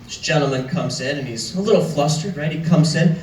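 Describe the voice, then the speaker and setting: A young man doing stand-up comedy on a club stage, telling stories in an animated, profane way. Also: a little high, brisk. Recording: echoey club, far from mic, loud crowd.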